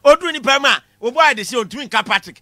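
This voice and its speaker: A man lecturing a class for laughs, his voice pitched very high and sharply bright. He gets animated, shouts his punchlines and laughs at his own jokes. The recording is close and dry. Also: racing, dry recording. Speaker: comedy lecturer.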